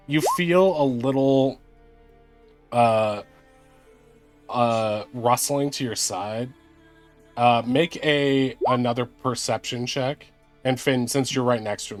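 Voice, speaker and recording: Laid-back, laughing man narrating as game master. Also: medium pitch. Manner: laughing, unhurried narration with many fillers.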